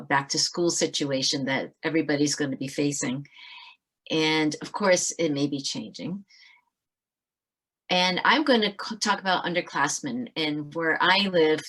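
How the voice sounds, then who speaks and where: A woman author giving a brisk webinar talk on parenting over a video call. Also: low voice, a bit bright. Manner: brisk, talks fast to fit it all in. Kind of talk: webinar presentation.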